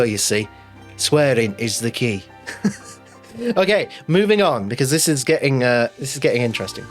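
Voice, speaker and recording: A game master and show host giving rambling, self-mocking announcements before a tabletop stream, swearing playfully. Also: mid-range voice. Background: faint background music.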